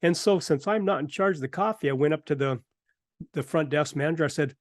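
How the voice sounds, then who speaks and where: A middle-aged man hosts a talk show and tells a workplace story in a relaxed, conversational way. He acts out the other people's lines as he goes. His voice sits a little high for a man, and the recording is close and dry. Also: a little fast, no echo. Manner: animated anecdotes with acted-out quotes. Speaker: host. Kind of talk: casual storytelling.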